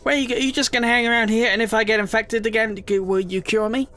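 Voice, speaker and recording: A man giving chatty, emotional let's play commentary, often squealing up high in excitement. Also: fast.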